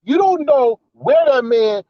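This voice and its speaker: Indignant high-voiced man ranting. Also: expressive, unhurried, no echo. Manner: indignant, profane, repetitive ranting. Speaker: commentator. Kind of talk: ranting commentary vlog. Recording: slightly dull, dry recording.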